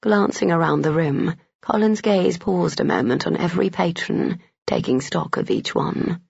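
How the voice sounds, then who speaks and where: Male narrator for a romance audiobook, steady and gravelly, on dull lo-fi audio. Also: high voice, moderate pace, no room sound.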